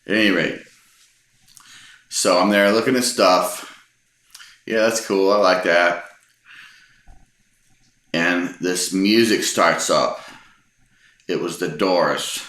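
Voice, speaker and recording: Man, middle-aged, very low voice, bright edge, rambling storyteller, lots of ums, echoey room. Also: fairly even intonation, slow, long pauses. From Texas. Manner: rambling, hesitant, many ums. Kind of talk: casual anecdote telling.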